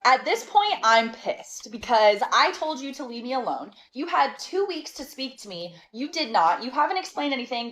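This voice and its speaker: A woman telling a storytime in a casual, animated and sassy way, exasperated and laughing between lines. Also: fairly high pitch, poor audio.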